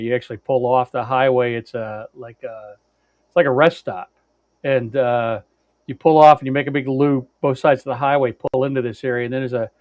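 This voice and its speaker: A man's voice: mid-range voice, no room sound. Blunt rambling man on a dull dry mic. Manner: rambling storyteller, lots of uh and restarts, blunt and profane. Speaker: podcast co-host. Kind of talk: casual chat, telling a road-trip story.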